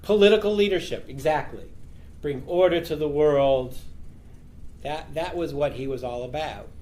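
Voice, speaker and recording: Speaking at a moderate pace, this rabbi has a high-leaning, dark-toned voice. He reads the Talmud text out to his class first, then unpacks it by posing rhetorical questions, with faint noise behind him.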